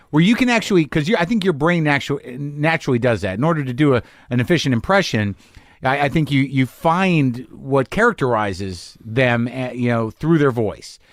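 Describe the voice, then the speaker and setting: A man hosts a podcast conversation in a mid-range voice, thinking out loud and restarting his phrases as he goes. The mic is close and the sound is dry. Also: mid-range voice, no echo. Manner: musing, trailing off, restarting phrases. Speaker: podcast host. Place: podcast studio.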